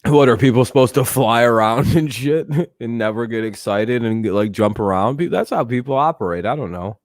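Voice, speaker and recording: A man's voice: medium pitch, a little fast, no echo, studio quality. A young man streaming live, rambling casually to his chat with lots of swearing and laughter. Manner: rambling, profane, laughs often, talks to chat.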